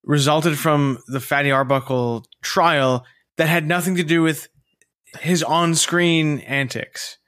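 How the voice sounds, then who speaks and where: A man co-hosting a casual talk podcast, adding quick jokey remarks to the conversation. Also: fairly high pitch, steady tone, fairly bright tone, smooth. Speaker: podcast co-host. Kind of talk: casual chat.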